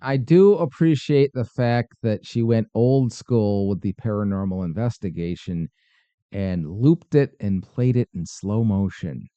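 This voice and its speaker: A man's voice: fairly low pitch, a little slow, mellow, no echo, highs cut off. A man hosting a podcast, reacting to paranormal videos with skeptical, sarcastic commentary. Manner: skeptical, dry, sarcastic asides. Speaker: podcast host.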